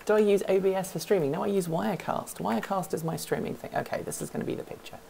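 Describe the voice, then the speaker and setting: A woman's voice: mid-range voice, fast talker, creaky, dark tone, slight background noise. A woman hosting a casual livestream from an office, rambling, thinking aloud and answering chat questions as she goes. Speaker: host of a livestream hangout. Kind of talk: casual live-stream chat.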